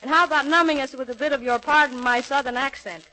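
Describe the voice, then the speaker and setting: Bright bubbly woman on old radio. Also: sits high, fairly even intonation, fast talker, rough recording. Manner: bubbly, laughing. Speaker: singer guest. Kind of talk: 1940s radio comedy banter.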